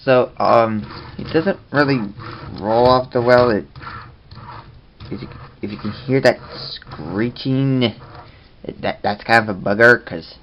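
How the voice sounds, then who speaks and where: A man hosting a casual toy review vlog, talking in a rambling, halting way. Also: medium pitch, highs cut off, slight background noise.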